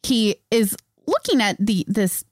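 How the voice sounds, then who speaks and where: A woman with a mid-range voice co-hosts a podcast, talking in an animated, emphatic way and laughing easily. The recording is dry and close to the mic. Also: medium pitch, measured pace, no echo. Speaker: podcast co-host. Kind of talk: casual chat.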